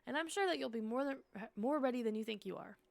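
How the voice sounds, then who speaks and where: Woman voicing a calm comforting lake. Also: fairly high pitch, quick pace, creaky. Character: gentle reassuring lake spirit.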